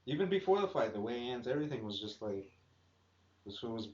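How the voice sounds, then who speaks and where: A man's voice: mid-range voice, big pitch swings, brisk, a little mellow. A man co-hosting a casual podcast, talking in a profane, emphatic, joking way. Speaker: podcast co-host. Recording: roomy, dull lo-fi podcast audio.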